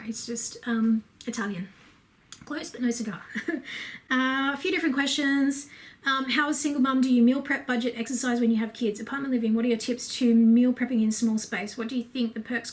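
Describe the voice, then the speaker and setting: Chatty Australian woman vlogger. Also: a little high. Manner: chatty and candid, many fillers and asides. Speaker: home and lifestyle vlogger. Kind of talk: casual Q&A chat to camera.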